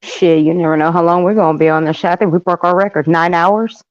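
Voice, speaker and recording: A woman's voice: fairly low pitch, steady tone, fast talker, no room sound. A woman co-hosting a casual livestream chat, affectionate and blunt, swearing casually. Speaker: livestream co-host. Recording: dull, dry stream audio.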